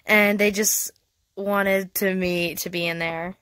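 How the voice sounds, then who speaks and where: Bright-voiced, gushing female gamer. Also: mid-range voice, slow, no echo. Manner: gushing, excitable, thinks aloud while playing; giggly. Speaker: gaming channel host. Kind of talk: casual gameplay commentary.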